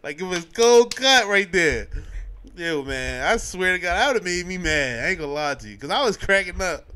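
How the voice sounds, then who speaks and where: A man hosting a casual podcast, talking in a lively, slangy way and acting out scenes as he recaps a show. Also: high-pitched, normal speed, smooth. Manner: animated, slangy, acts out scenes with quoted voices. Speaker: podcast host.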